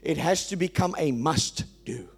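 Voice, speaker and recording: A man preaching a sermon as pastor, emphatic and swinging between loud declarations and quiet asides. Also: a little high, expressive, normal speed, creaky, husky.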